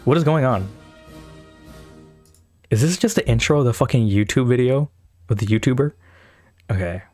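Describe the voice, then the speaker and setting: A man from Pakistan or India streams live, reacting bluntly and with profanity as he thinks aloud in casual commentary. His mid-range, darkish voice has lively intonation at a moderate pace, over soft background music.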